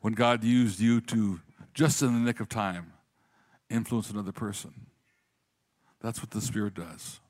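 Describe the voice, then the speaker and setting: A pastor preaching to a congregation, telling a story with lively quoted voices and then speaking more quietly and earnestly. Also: male voice, fairly low pitch, unhurried, pauses often, dry recording. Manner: animated storytelling, raises voice for quoted prayers. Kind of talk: sermon with storytelling.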